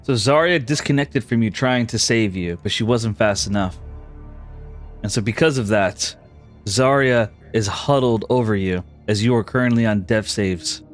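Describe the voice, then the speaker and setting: A man's voice: on the low side, moderate pace, faint music behind. A man narrating as game master, guiding players through a tabletop role-playing session.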